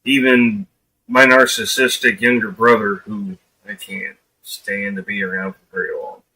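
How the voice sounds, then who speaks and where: A man's voice: fairly low pitch, flat delivery, measured pace, bright, forceful tone, slightly rough, poor audio. A man live streaming his reactions to a clip, talking bluntly and scornfully, with profanity. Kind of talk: casual reaction commentary.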